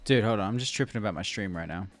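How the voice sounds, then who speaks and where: A man's voice: on the low side, very fast. A young Australian man chatting loosely on a live stream, rambling, laughing often and greeting viewers by name. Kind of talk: casual live-stream chat. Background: faint background music.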